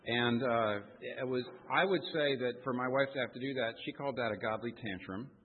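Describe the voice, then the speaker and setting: A man preaching a sermon as a pastor, telling a personal story in a halting way with many restarts. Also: mid-range voice. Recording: tinny lo-fi recording in a reverberant hall.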